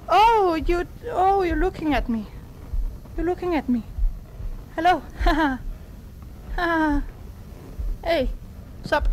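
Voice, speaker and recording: A young woman with a very high, girlish voice plays a horror game and talks to herself in a slow, drawn-out way. She swears nervously and often jumps into sudden shrieks. A faint hiss sits behind her. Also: animated, rough recording. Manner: swears, nervous self-talk, swings to shrieks. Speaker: gaming YouTuber. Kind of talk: horror game let's play.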